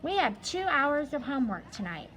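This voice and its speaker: A woman with a high voice, an elementary school teacher reviewing a study guide for her class. She walks through each answer patiently and step by step. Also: sing-song, normal speed, fairly bright tone, some chatter behind, rough recording.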